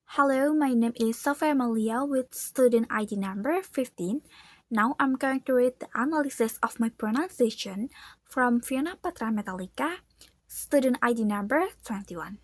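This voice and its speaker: A young woman student whose first language is Indonesian, speaking with an Indonesian accent, carefully reads a pronunciation analysis aloud, repeating words to demonstrate their sounds. Her voice is on the high side at a moderate pace, in a dry recording.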